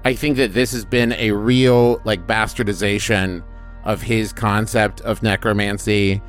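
A man's voice: lowish voice, fairly even intonation, a little slow, soft background music. A man playing a tabletop game, talking casually as a player.

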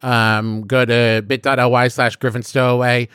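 Cast: upbeat co-host man, brisk announcements, dry close mic. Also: medium pitch, flat delivery, a bit bright, clean tone, no echo. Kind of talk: casual podcast announcements.

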